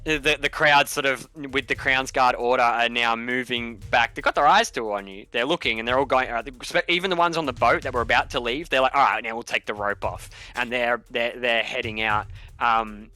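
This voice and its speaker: A man's voice: mid-range voice, pushed and bright, no echo, soft background music. A man running a tabletop game as dungeon master, narrating in a rambling way with many restarts. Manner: rambling, many restarts, puts on quick voices for townsfolk.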